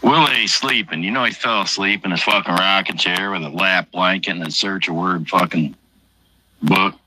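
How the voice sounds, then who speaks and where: Solo livestreamer, rambling and crude, fairly low voice with a bright, cutting edge. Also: male voice, moderate pace, no room sound, rough recording. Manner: rambling, heavy swearing, offhand. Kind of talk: casual late-night livestream chat while drinking.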